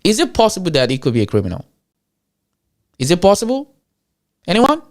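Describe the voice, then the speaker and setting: A man with an African accent hosting a show, talking to his audience in an animated rant full of rhetorical questions. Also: high voice, brisk. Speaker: show host. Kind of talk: animated ranting commentary.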